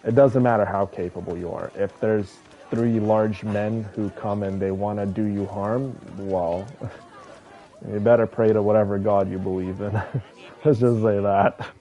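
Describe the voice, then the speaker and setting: A man streaming a game, chatting casually and rambling to his viewers in a relaxed way. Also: lowish voice, unhurried, highs cut off. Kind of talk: casual chat with viewers while gaming.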